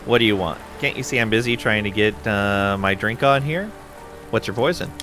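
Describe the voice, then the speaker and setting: A man's voice: mid-range voice, animated, unhurried, a bit bright, soft background music. A man voicing an irritated woman at a bar who answers curtly and impatiently. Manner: curt, impatient.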